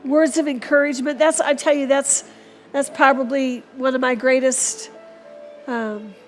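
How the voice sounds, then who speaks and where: A woman's voice: high-pitched, steady tone, a little slow, soft background music. A woman preaching a sermon in an earnest, repetitive way and closing in prayer.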